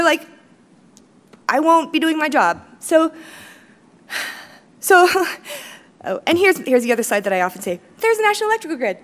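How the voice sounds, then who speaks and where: Blunt, animated woman giving a conference talk. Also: high-pitched. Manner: blunt, profane, fast-talking with self-mocking asides. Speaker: conference speaker, company CEO. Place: large conference hall stage.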